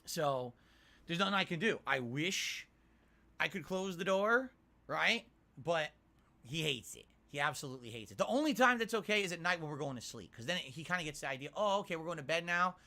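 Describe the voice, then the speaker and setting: A man's voice: a little high, fairly quick, creaky. A man streaming from his home office, reading viewer tips aloud and ranting in an exasperated way. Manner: exasperated rants, animated. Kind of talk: livestream chat, reading tips. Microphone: desk mic.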